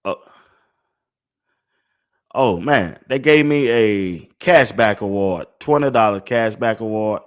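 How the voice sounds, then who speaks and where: A man's voice: on the low side, slow, long pauses, smooth. An older man hosting a casual sports talk livestream. He laughs often and repeats phrases over and over. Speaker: sports talk show host.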